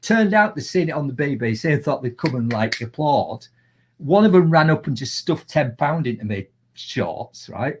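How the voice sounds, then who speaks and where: A man with a Yorkshire accent, chatting as a guest in a live video call and telling lively, animated anecdotes. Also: medium pitch, normal speed, a little hiss or hum. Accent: Yorkshire English. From Yorkshire, England. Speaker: guest, motivational speaker. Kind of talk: casual storytelling in a live video chat.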